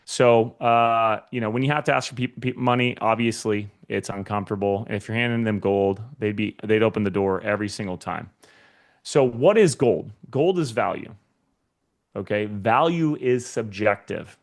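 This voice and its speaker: A man's voice: lowish voice, moderate pace. A man giving a motivational sales training talk to real estate agents, speaking straight to his audience and acting out short scenes. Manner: energetic, addresses the audience directly, acts out short scenes.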